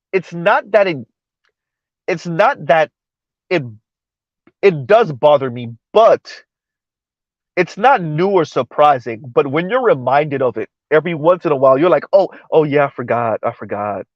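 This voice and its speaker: Brief: male live-stream host, stunned and animated commentary, dry close mic with a muffled, lo-fi tone. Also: fairly high pitch, a little slow, long pauses, no room sound. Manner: animated, incredulous, repeats words and restarts often.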